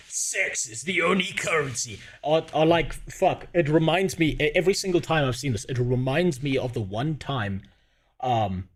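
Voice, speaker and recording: A young man telling a crude comic story at home on a stream, swearing often and laughing as he goes. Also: on the high side. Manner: profane, laughing, animated.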